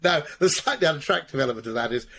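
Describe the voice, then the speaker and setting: His voice is on the high side, bright and forceful, racing along expressively. A middle-aged marketing executive guest, he answers interview questions with wry, meandering stories that keep restarting and detouring into asides, occasionally profane.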